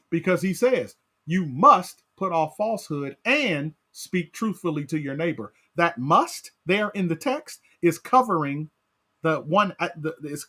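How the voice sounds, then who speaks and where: A man leading a Bible study as pastor, animated, asking his class questions and often tagging on "right?". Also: fairly high pitch, slightly rough.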